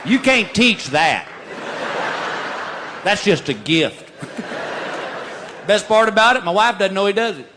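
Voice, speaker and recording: On a live stage, a stand-up comedian with a high-pitched, expressive voice works through his routine slowly, leaving long pauses. He comes across folksy and exasperated, laughing at his own jokes, with audience and room noise audible behind him.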